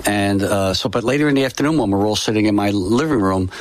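An older man telling a personal story in an interview, halting and emotional, with many fillers and restarts. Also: lowish voice. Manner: emotional, solemn. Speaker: interview guest.

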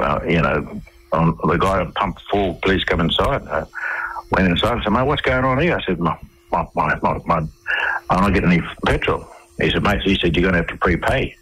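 An Australian man with a very low, husky voice tells his stories to a radio host. He rambles, stalls on fillers and starts his sentences over. The sound carries a radio broadcast quality. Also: fairly quick, fairly bright tone, low-quality recording. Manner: rambling, with many fillers and restarts. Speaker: radio interview guest. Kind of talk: conversational storytelling.

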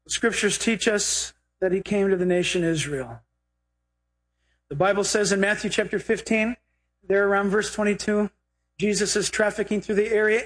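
A male pastor preaching a sermon, animated and humorous, slipping into acted quotes. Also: high-pitched. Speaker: pastor and Bible teacher.

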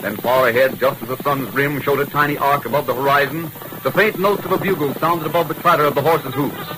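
A man's voice: on the high side, fairly quick, noisy background. A man narrating a vintage radio drama in a vivid, dramatic storytelling manner. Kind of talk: scripted narration. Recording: old radio broadcast with music.

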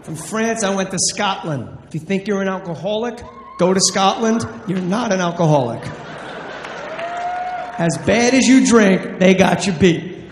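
A man's voice: sits high, a little slow, slight background noise. A stand-up comedian, a man, telling a brash, profane story on a live stage. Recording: roomy live hall with audience laughter.

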